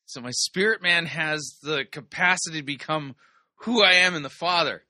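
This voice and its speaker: Male commentary host, casual and sardonic, slightly high pitched, bright dry delivery. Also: moderate pace, no echo. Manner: sarcastic, incredulous asides. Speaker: host reviewing sermon clips.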